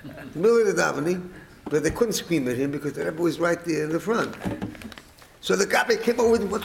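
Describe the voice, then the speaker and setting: A middle-aged man spins a long, rambling family anecdote and acts out what people said. His voice sits a little higher than most men's. The sound carries a roomy echo. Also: brisk, gravelly, a little hiss or hum. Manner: rambling, animated, acts out quoted speech and chanting. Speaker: storyteller. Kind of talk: telling a family anecdote to listeners.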